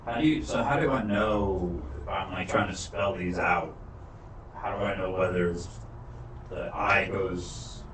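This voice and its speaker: A male student asking halting questions in a classroom. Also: deep voice, a bit bright, a little hiss or hum. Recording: echoey room from far off.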